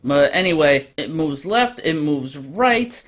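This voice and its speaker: A man's voice: fairly high pitch, lively intonation, takes it slowly, a bit bright. A young man giving a casual, chatty review of an action figure as the channel's host. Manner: chatty, informal, with fillers.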